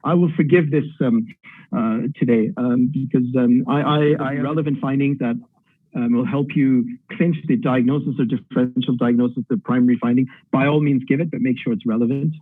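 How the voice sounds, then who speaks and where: A man's voice: medium pitch, steady tone, a little fast, dry recording, narrow, tinny audio. A middle-aged man from Pakistan, a radiology tutor giving direct exam advice in an online lecture, thinking aloud with fillers.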